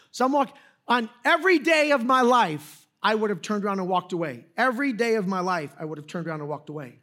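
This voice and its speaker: A man's voice: high-pitched, animated, quick pace, a bit bright. A man preaching a sermon in a conversational, storytelling way, joking at his own expense with frequent restarts. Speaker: pastor.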